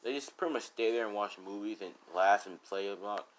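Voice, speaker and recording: A man's voice: on the low side, a little fast. A man casually telling a fan story, rambling and full of fillers as he retells who said what.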